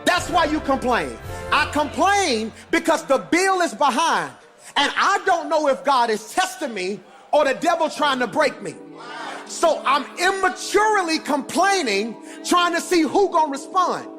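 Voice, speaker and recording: Male pastor, preaching in a high voice with a sung cadence and calls to the congregation, faint music underneath. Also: big pitch swings, a little slow, pushed and bright. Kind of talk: sermon.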